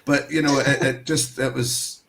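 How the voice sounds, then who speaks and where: A man's voice: medium pitch, little pitch movement, unhurried, vocal fry, a bit bright. Northern Irish man, casual host, rambling, laughs a lot, video call, faint hiss. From Northern Ireland. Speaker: host of online whisky tasting.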